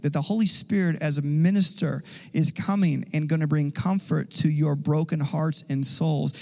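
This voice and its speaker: A man's voice: on the high side, vocal fry, darkish tone, big-room sound, rough recording. A man preaching a sermon as pastor, earnest and conversational.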